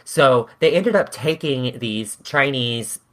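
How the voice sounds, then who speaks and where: A woman's voice: extremely low pitch, expressive, takes it slowly. A woman hosting a casual history podcast, explaining at length in a playful way with frequent laughter. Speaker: podcast host.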